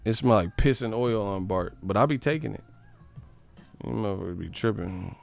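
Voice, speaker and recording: Profane, gravelly sports-stream host. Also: male voice, lowish voice, moderate pace, no room sound, faint music behind. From San Francisco Bay Area. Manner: profane, animated, laughing often. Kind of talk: comedic sports rant.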